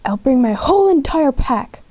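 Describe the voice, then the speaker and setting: A woman's voice: high voice, big pitch swings, moderate pace, darkish tone, no room sound, voice pushed up. A woman voicing a threatening wolf who warns of bringing the whole pack. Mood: menacing.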